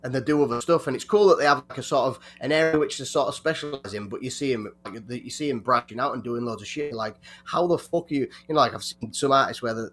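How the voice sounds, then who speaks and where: A man's voice: medium pitch, a bit bright. A man in a mid-range voice rambles through casual podcast chat. He stops and restarts often and swears freely as he goes. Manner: rambling, halting, heavy swearing.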